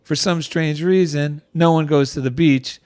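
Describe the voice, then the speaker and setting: A middle-aged man with an East Coast American accent, telling a personal story in conversation with lively feeling. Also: on the high side, measured pace, smooth. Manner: animated, gets choked up with emotion. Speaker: guest, author and veteran.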